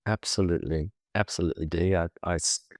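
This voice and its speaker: This deep-voiced man talks briskly while co-hosting a podcast in his role as a therapist. He tells a personal story with emotion and chattiness, keeping it conversational and casual. The recording is dry, with clean studio sound.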